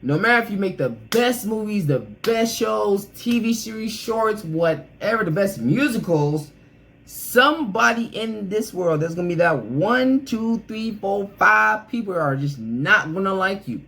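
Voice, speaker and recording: A man's voice: high voice, animated, a little slow, vocal fry, pushed and bright, low-quality recording. A man hosting a casual reaction video, blunt and opinionated, talking straight to the person he reacts to.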